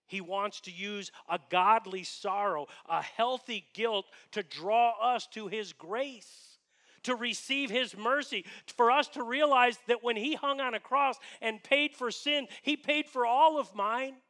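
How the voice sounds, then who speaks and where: A man's voice: very high voice, a little slow, pushed and bright. A man preaching a sermon as pastor, earnest and emphatic, often asking his listeners rhetorical questions.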